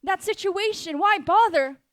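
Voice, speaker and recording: A woman's voice: unhurried, no room sound, studio quality. A woman voicing a chorus of scornful doubters who taunt a believer, in a sermon. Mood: mocking. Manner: taunting, high and sharp.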